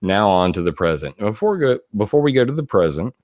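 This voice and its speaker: A man giving casual commentary on a video, animated and laughing often as he reads quotes aloud. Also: lowish voice, a little fast, no room sound. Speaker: video blogger.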